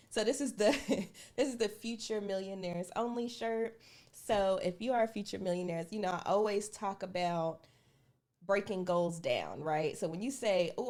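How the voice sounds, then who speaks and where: A chatty woman hosts a live money show, speaking straight to her viewers in an earnest, emphatic way. Her voice sits at an ordinary middle pitch, and she hammers key points home by repeating them. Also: vocal fry, a little mellow. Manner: chatty, addresses viewers directly as "y'all". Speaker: personal finance show host. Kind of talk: casual live-stream talk.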